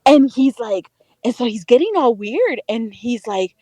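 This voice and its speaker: Animated high-voiced woman telling a story. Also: measured pace, dry recording. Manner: animated, profane, laughing storyteller. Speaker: podcast co-host, dating correspondent. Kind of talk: casual storytelling chat.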